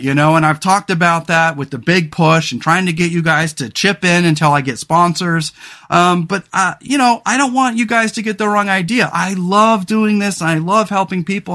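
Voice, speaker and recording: A man's voice: high-pitched, a bit bright. A man hosting a solo podcast in casual talk, rambling and frank, with many fillers and restarts. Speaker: podcast host.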